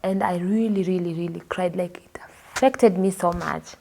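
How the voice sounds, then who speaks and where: A woman from Kenya with a Kenyan accent, a guest telling her personal story in an expressive way and acting out the people she quotes. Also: lowish voice, normal speed, gravelly, a little hiss or hum. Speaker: interview guest.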